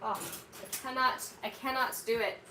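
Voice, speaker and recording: A woman's voice: on the high side, measured pace. A woman hosting a casual cooking vlog, chatting to viewers in a rambling way full of "like" while she works in her home kitchen. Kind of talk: casual chat to live viewers. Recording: roomy kitchen, distant mic, audible background noise.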